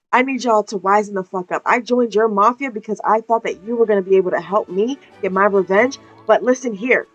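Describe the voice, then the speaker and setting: A woman's voice: medium pitch, normal speed, dull audio, faint music behind, natural voice. A woman voicing a hot-headed young male gangster bent on revenge, blunt and swearing hard in a game playthrough. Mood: angry.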